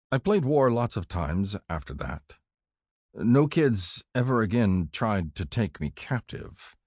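Older male author-narrator for an audiobook memoir. Low, expressive, measured delivery. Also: slightly rough, no echo, studio quality. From California, USA. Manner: measured, plain storytelling.

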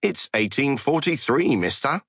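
A man reading an audiobook, voicing a crude male podcast host who puts on a high, leering fake Cockney schoolgirl voice. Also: sing-song, measured pace, a bit bright, no room sound, clean studio sound. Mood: leering, mocking. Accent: put-on Cockney. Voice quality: high mocking falsetto, leering.

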